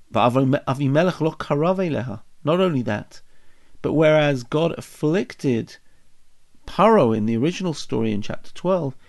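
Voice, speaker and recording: A man's voice: fairly high pitch, gravelly, darkish tone. A male Bible teacher giving a study lesson, thinking aloud and posing many questions. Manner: reflective, asks many questions.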